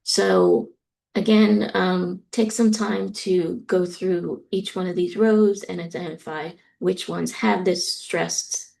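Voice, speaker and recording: A woman's voice: lowish voice, fairly even intonation, takes it slowly, gravelly, a little mellow. A middle-aged woman from the US East Coast giving a university lecture, explaining steadily with frequent ums. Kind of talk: recorded lecture.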